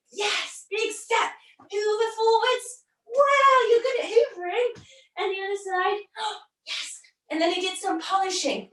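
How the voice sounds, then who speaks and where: High, playful woman teaching kids' yoga. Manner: animated, lots of gasps, playful encouragement. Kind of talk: live online children's yoga storytelling. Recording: roomy, distant from the mic.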